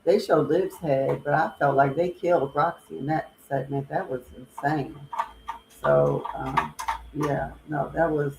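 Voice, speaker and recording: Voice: mid-range voice, lively intonation, measured pace, gravelly, echoey room, background noise. A co-host of a live wrestling watch-along giving chatty, opinionated commentary on the show. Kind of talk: casual live-stream chat.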